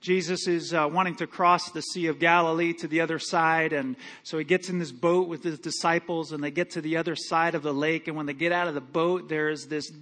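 A man's voice: a little high, fairly even intonation, brisk, hardly any pauses, fairly bright tone. A male pastor preaching a storytelling sermon in a conversational, self-mocking way with many fillers.

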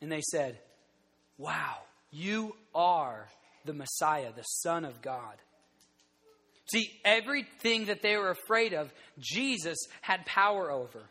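A man in his thirties preaching a sermon to a group, telling the story in an animated way with many restarts. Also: a little high, takes it slowly, long reverb tail. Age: 30s.

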